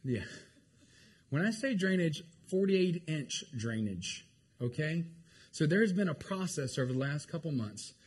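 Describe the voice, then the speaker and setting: A man preaching a sermon as pastor, emphatic and repetitive, often asking the congregation if they are hearing him and swinging between loud stretches and hushed ones. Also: a little high, animated, a little slow, breathy edge.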